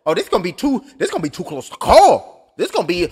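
A man calling a boxing fight blow by blow, loud and excitable, cursing freely and joking between punches. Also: sits high, fast, husky. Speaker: boxing commentator. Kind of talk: live blow-by-blow commentary.

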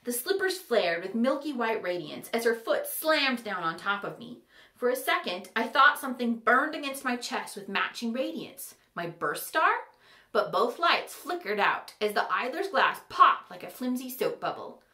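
A woman narrating a fantasy story in an animated, wry manner. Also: fairly high pitch, moderate pace, echoey room.

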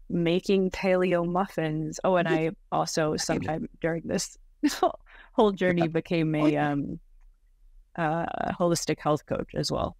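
In a dry, studio-quality recording, a woman in her thirties with a fairly low voice tells her story as a podcast guest. She's chatty and casual, filling her talk with "like" and "um" and laughing softly and often.

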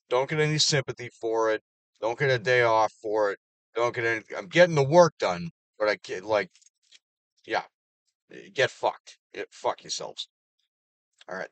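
A man with a fairly low voice vents in a bitter, swearing rant. He lurches from raised outbursts to flat, muttered asides. The sound is close and dry, with no room around it. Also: normal speed, no echo. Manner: heavily profane, swings between loud outbursts and low mutters. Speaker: vlogger. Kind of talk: angry personal rant to camera.

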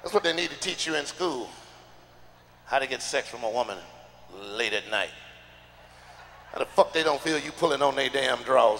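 A man doing loud, profane live stand-up and hosting the show, shouting many of his punchlines. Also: a little high, big pitch swings, normal speed, pauses often, big-room sound, a little hiss or hum. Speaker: stand-up comedian and show host.

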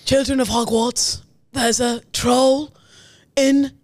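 A woman's voice: high-pitched, flat delivery, slow, darkish tone, no echo. A woman putting on an old male wizard headmaster, barely changing her own voice. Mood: announcing.

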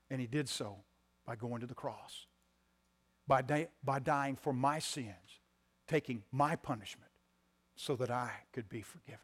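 A pastor preaching a sermon to his congregation, swinging from loud emphatic lines to quiet ones and repeating key phrases. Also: mid-range voice, breathy edge. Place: church sanctuary.

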